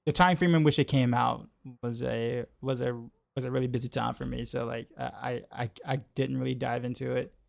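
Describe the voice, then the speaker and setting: A man's voice: mid-range voice, fairly even intonation, brisk, creaky. A man streaming a game, chatting casually and rambling with lots of filler words. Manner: rambling, many "like" fillers and repeats. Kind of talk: casual livestream chat while gaming.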